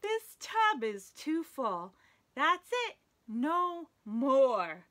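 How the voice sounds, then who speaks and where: During story time, a woman librarian reads picture books to little kids with a high voice that swoops all over and words drawn out. Her delivery is animated, sing-song, and exaggerated for children, and she counts along.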